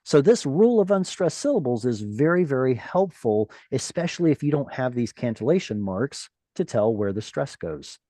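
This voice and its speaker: A man teaching a Hebrew grammar class over a video call, animated and encouraging, with playful asides. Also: mid-range voice, moderate pace, few pauses, dry recording.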